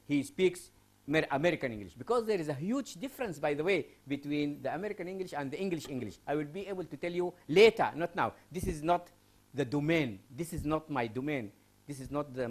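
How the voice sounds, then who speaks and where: A male university lecturer from Sudan teaching English writing to a class. His pitch swings widely as he questions students and repeats his points. He talks in a classroom. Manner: lively, asks students questions and repeats phrases.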